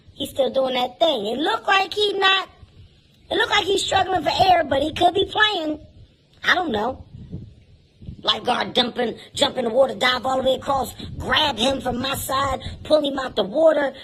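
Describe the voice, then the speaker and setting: A man telling a comic story in a profane, animated way, laughing through his lines. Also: very high-pitched, slight background noise. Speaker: comedian.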